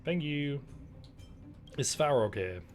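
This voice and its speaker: A man's voice: mid-range voice, expressive, slow. A man giving casual, sarcastic commentary while streaming a game, rambling and swearing freely.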